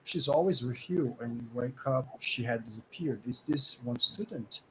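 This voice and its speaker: A man's voice: mid-range voice, normal speed, a little hiss or hum, poor audio. Game master man narrating a tabletop game. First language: Portuguese. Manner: lively storytelling with many "like" fillers.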